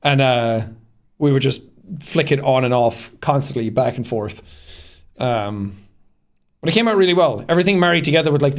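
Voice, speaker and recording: A man casually explaining how he made his short film, rambling with lots of fillers and frequent laughter. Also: medium pitch. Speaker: creator commenting on his own short film. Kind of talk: casual behind-the-scenes commentary.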